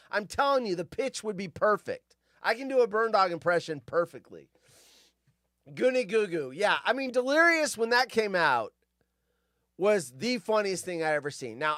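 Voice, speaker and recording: A man's voice: high-pitched, a bit bright, no echo, clean studio sound. A man in his fifties from California, hosting a show and telling rambling, nostalgic stories full of tangents. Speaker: show host. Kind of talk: casual rambling monologue.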